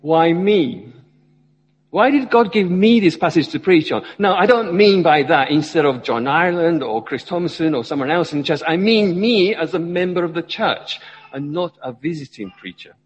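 A man's voice: fairly high pitch, expressive, normal speed, slightly rough, long reverb tail, poor audio. A man, a church member, preaching a sermon and asking his listeners questions as he goes. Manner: asks the congregation questions, rising and falling emphasis. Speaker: lay preacher.

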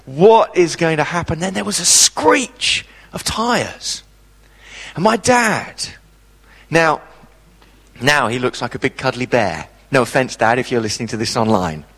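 A man preaching a sermon, telling a personal story with dramatic pauses. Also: mid-range voice, animated, fairly bright tone, breathy edge, long reverb tail.

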